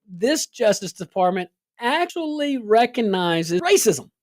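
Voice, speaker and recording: Animated sarcastic woman. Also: fairly high pitch, a little slow, dry recording, clean studio sound. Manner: animated, sarcastic, rhetorical questions. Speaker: political talk show host. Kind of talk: casual political commentary.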